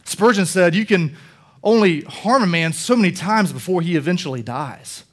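A high-pitched man delivers a sermon from the pulpit. He explains scripture in a conversational way, then swells into loud, animated passion as he drives his points home. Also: normal speed. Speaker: pastor.

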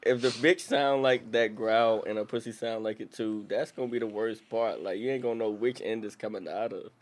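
A man's voice: fairly low pitch, fairly even intonation, brisk. A man co-hosting a podcast, blunt and joking in crude casual banter. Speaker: podcast co-host.

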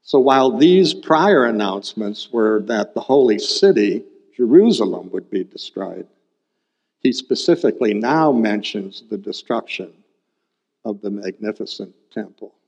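The sermon comes from a male pastor whose voice is on the low side, expressive, unhurried, and slightly mellow. He explains scripture and repeats key ideas for emphasis, captured in a dull recording full of long hall reverb.

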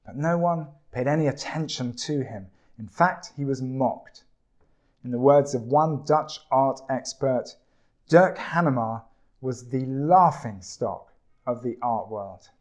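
Male preacher, sermon, slow deliberate delivery, storytelling asides. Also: mid-range voice.

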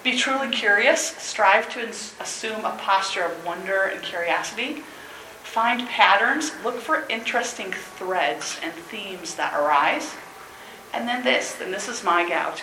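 Woman workshop leader, lively and chatty, echoey room, noisy background. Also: medium pitch, normal speed. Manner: energetic, chatty, laughs often. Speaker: teacher trainer. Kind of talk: workshop presentation.

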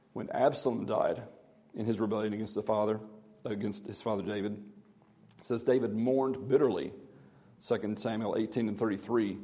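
A man gives a Bible teaching haltingly, full of fillers, and reads scripture aloud with more emphasis. His voice is low-ish, creaky and dark in tone.

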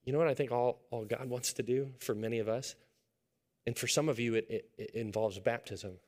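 A man in his thirties, preaching as a pastor, shares a family story at a fairly quick pace in a medium pitch. He moves from hushed intimacy to loud, excited storytelling.

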